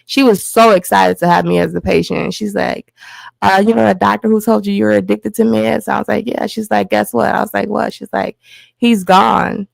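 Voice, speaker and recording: Woman w/ a really gravelly voice telling her story, acts out what everyone said, dry sound. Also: mid-range voice, moderate pace, no room sound. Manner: animated retelling with quoted dialogue. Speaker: guest, host's wife. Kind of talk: personal storytelling.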